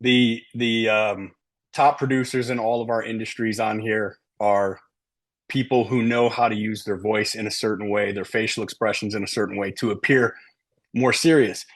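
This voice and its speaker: A man's voice: lowish voice, fairly even intonation, moderate pace. A middle-aged man coaching a sales team, talking emphatically and often checking in with "right?". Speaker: sales trainer. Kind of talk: sales training talk to a team.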